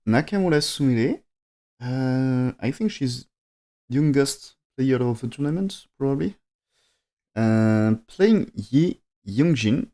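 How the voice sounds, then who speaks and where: A man's voice: medium pitch, expressive, slow pace, mellow. A man commentating a go game on a live stream, thinking aloud in non-native English with frequent restarts and dropped articles.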